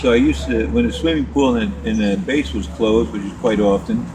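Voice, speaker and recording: Rambling older man telling old stories. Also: lowish voice. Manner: rambling, restarts often, drawn-out storytelling. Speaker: interviewee telling war stories. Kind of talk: casual reminiscing interview. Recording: home recording with noticeable background noise.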